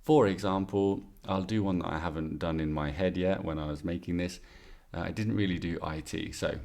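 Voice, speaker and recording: A man's voice: low-pitched, moderate pace, vocal fry, darkish tone. A man teaching English in a chatty exam-prep video lesson, explaining with asides and demonstrations.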